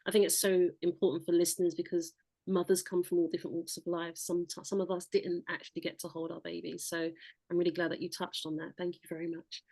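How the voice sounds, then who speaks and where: A woman hosting a podcast interview, asking questions and responding with warm affirmations and giggles. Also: lowish voice, no room sound. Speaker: podcast host.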